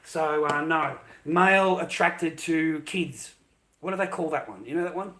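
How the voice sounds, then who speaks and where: A man's voice: a little high, a little slow, sharp tone. An Australian man ranting angrily on his own livestream, swearing constantly and talking straight at his viewers. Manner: angry, profane, combative, addressing viewers directly. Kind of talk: livestream rant to chat.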